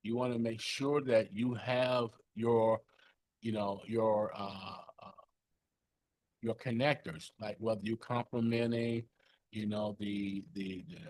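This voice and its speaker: A man leading a sales training session on a call, coaching in a conversational way with lots of fillers and check-ins. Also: mid-range voice.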